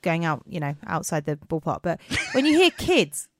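A woman's voice: low-pitched, sing-song, normal speed. A woman, co-hosting a podcast in casual, rambling chat and laughing at herself. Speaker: podcast co-host.

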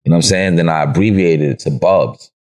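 Guest, male, New York accent, very low voice, easygoing slang storyteller who laughs a lot. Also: fairly quick, a little mellow. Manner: slangy and laid-back, laughs often, acts out quotes. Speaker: podcast guest. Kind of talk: casual interview storytelling.

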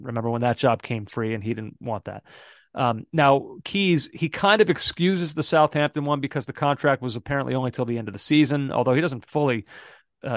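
A man's voice: medium pitch, no room sound, studio quality. A man co-hosting a casual football podcast, thinking aloud with lots of fillers and restarts. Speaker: podcast co-host.

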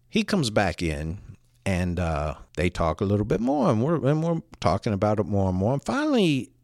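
A man telling a personal story in a halting, conversational way, often repeating words and restarting. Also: medium pitch, creaky, darkish tone, dry recording, studio quality. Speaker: storyteller recounting a personal experience. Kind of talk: first-person spoken storytelling.

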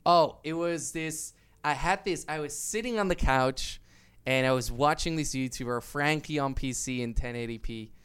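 A man's voice: medium pitch, normal speed, fairly bright tone, clear, resonant tone. A man in his twenties, a YouTuber guest, telling his story eagerly with lots of fillers and restarts. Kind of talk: casual interview chat.

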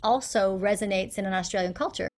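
A middle-aged woman guest in a casual interview, talking at a mid-range pitch. She explains in an animated way and acts out little quotes as she goes. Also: quick pace, soft background music. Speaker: guest accent coach.

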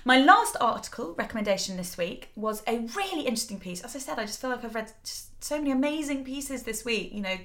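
A woman's voice: a little high, animated, quick pace, hardly any pauses, fairly bright tone. Earnest, emotional woman co-host. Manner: emotional, earnest, easily moved to tears. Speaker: podcast co-host. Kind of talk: casual chat, reading articles aloud.

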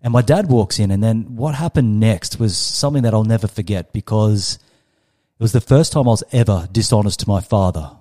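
Australian man in his 30s, guest storyteller; low, mellow voice, emphatic delivery. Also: brisk. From Western Australia. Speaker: guest, startup coach. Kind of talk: storytelling in a podcast interview.

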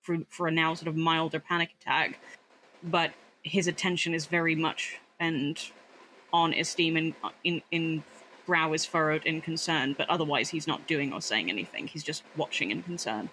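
Male tabletop player, bright edgy tone, meandering narration full of fillers, faint noisy line. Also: on the high side, fairly even intonation, moderate pace. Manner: rambling, hesitant, with restarts and fillers. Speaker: tabletop role-play player. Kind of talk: narrating a character's actions in a role-play game. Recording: faint background noise.

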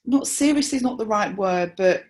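A woman, a supporter liaison officer, explaining her views in a measured interview with frequent restarts. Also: mid-range voice, animated, darkish tone. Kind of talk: conversational interview.

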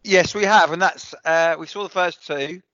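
A man's voice: on the high side, normal speed, bright, forceful tone, dry recording. An Englishman co-hosting a podcast in casual chat, speaking hesitantly with many restarts. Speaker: podcast co-host. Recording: dry, dull lo-fi podcast audio.

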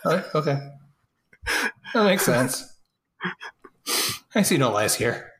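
Podcast co-host, middle pitch, very expressive, deadpan one-liners and mock outrage. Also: slow pace, a little hiss or hum. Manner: dry joking asides, mock outrage. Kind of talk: casual movie recap chat.

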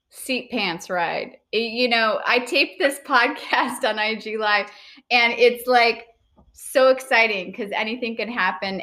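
A woman's voice: a little high, bright, forceful tone. A woman comedian hosts her podcast in easygoing chat. She sounds bubbly and playful, slipping little jokes into her talk.

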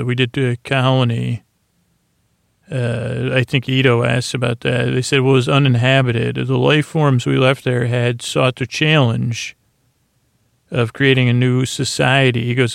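Soft-spoken rambling man with a gravelly voice. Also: no echo, studio quality. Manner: meandering, full of fillers and restarts; soft, low-key delivery. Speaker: podcast host. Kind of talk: rambling bedtime episode recap.

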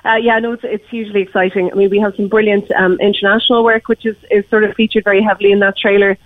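A woman's voice: mid-range voice, level tone, fast talker, dry recording. A woman festival director speaking by phone in a casual interview, eager and full of fillers and restarts. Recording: tinny phone line.

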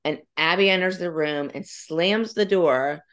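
Woman, lowish voice, casual recap chat, quotes people. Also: a little slow, fairly bright tone. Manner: recaps events, quotes others, dry teasing. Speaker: podcast co-host.

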